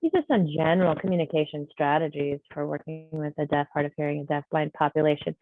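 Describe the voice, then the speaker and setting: Lady interpreting a deaf trainer out loud on a video call, kinda low pitched, calm patient explaining, very dry sound. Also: fast talker, no room sound, soft background music, low-quality recording. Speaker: sign language interpreter voicing a deaf trainer. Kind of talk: live spoken interpretation of a training session.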